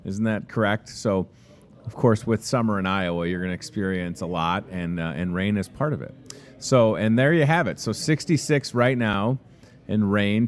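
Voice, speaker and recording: A man's voice: lowish voice, animated, moderate pace. A man hosting a store show, chatting in a folksy, upbeat way inside a grocery store restaurant. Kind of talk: casual store announcements and interview.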